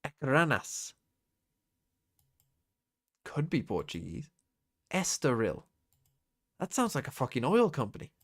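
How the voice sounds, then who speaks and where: Slow gravelly guy mumbling and cursing at a quiz, voice swings up and down a lot. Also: medium pitch, huge pitch swings. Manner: swears often, thinks aloud to himself. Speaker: streamer. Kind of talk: casual muttering while playing a quiz game.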